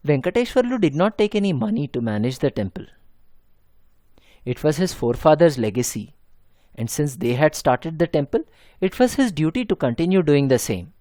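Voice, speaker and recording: A man narrating a folk story in a measured, soft-spoken way. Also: fairly high pitch, big pitch swings, no echo.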